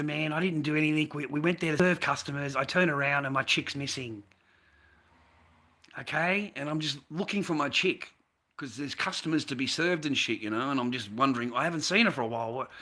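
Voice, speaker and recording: His voice is a little high, with a bright, forceful tone. An Australian vlogger, he works through a long story in a casual, repetitive monologue laced with profanity, throwing around mate and bro at the listener.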